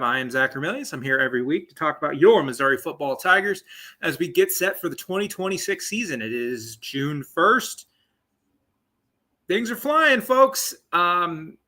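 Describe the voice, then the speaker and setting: A man's voice: a little high, pushed and bright. Chatty young man hosting sports talk. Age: 20s. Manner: rambling, chatty, lots of fillers and asides. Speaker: sports podcast host. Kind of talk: casual live sports talk stream.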